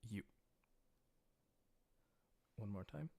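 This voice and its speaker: A man with a fairly low voice and an American accent teaches a livestreamed language class. He explains each step patiently as he writes, often pausing on "uh" and "um". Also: expressive, vocal fry, dark tone. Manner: patient, plain explanations with frequent "uh" and "um". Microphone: livestream microphone.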